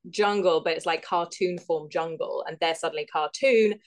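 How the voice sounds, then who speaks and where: A woman actor and writer who chats as a guest on a podcast. Her voice is fairly low for a woman, and she is bubbly and quick to laugh at herself. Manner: self-deprecating, bubbly, quick-witted. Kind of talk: casual interview.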